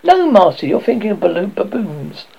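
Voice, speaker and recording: A man's voice: on the high side, sing-song, moderate pace, vocal fry, warm tone, husky, full character voice, poor audio. A man voicing a nervous, fussy male bursar who answers in hesitant, placating tones.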